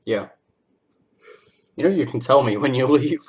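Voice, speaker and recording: Rambling podcast host recapping cartoons. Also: male voice, mid-range voice, moderate pace, darkish tone, husky. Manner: rambling, filler-heavy, acts out character lines. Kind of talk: casual episode recap.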